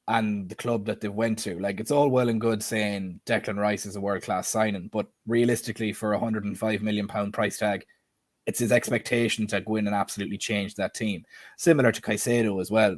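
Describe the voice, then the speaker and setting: A man's voice: on the low side, dry recording. Irish guy in his 20s hosting a stream, chatty, pokes fun at himself, dry close mic. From Ireland. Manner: chatty, self-deprecating, asks guests questions. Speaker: stream host. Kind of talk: casual football chat.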